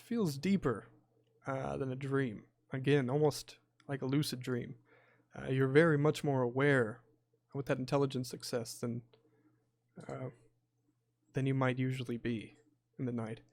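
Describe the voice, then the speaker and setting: A man's voice: medium pitch, measured pace, a little mellow, no room sound. A man narrating a tabletop horror game as game master, with many hesitant fillers.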